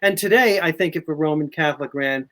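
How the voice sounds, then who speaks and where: High-voiced older man telling history. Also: fairly quick, fairly bright tone. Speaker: historian guest. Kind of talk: casual history chat.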